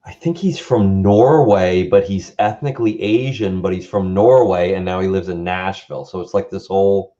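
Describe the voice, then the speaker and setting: Low, mellow-voiced man for a laid-back co-host, easygoing and rambling, with slightly dull lo-fi audio. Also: moderate pace, hardly any pauses. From Canada. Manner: relaxed, rambling, laughs easily. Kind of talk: casual live-stream chat.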